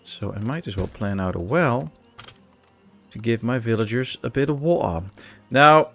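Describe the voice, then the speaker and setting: A Dutch-accented man talks casually over a city-building game as a streamer, joking with his chat in a relaxed, easygoing way. His voice sits at an ordinary middle pitch with a noticeably gravelly, creaky edge. Soft game music plays faintly behind him. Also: normal speed. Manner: chatty, laid-back, answers chat with jokes. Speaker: gaming streamer. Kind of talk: live-stream gameplay commentary.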